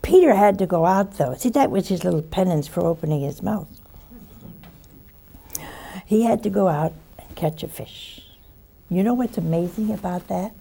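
A woman preacher giving a sermon, swinging between loud exclamations and hushed asides and laughing often. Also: lowish voice, lively intonation, normal speed, creaky, pauses often, slightly rough.

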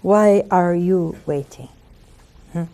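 A woman delivers a conversational sermon at an unhurried pace. Her voice is warm and mellow. She pleads with her listeners and coaxes them, often turning to them with rhetorical asides. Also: fairly low pitch. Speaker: preacher and call-in show host.

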